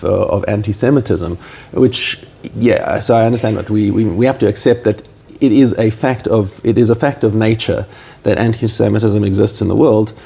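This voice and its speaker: Laid-back podcast host, man, dark raspy timbre, pauses often to find words. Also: lowish voice. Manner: halting, searching for words with many fillers. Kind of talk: casual interview chat.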